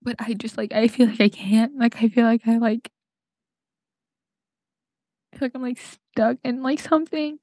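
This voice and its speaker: Young woman crying into her podcast mic, halting and full of likes, a bit high and kinda mellow. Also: fairly even intonation, no room sound. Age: young adult. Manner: halting, full of fillers and restarts. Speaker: podcast host. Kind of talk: tearful personal monologue. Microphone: home podcast mic.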